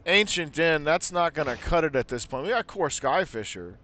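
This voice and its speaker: A man's voice: fairly high pitch, expressive, normal speed, bright, forceful tone. Joking man commentating a card game. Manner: joking, laughs at his own bits. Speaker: gameplay commentator.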